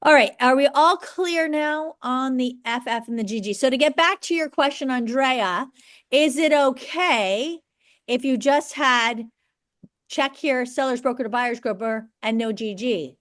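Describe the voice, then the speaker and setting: A middle-aged woman leads a live training class for agents. Her voice sits a little high. She talks bluntly and briskly, stopping often to check that the room follows her. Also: a bit bright. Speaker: real estate broker teaching agents.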